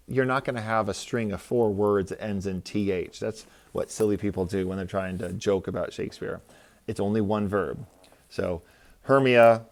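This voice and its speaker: A man's voice: lowish voice, creaky, darkish tone. A man teaching a recorded lesson, explaining step by step with patient examples. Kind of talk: recorded classroom lecture.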